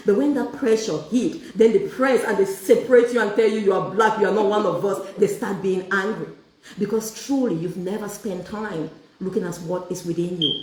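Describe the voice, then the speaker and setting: A woman's voice: medium pitch, darkish tone, slight background noise. A woman leading a faith group with sermon-style teaching. She fires rhetorical questions at her listeners and draws answers back from them. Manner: rhetorical questions and call-and-response. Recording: echoey room, voice far from the mic.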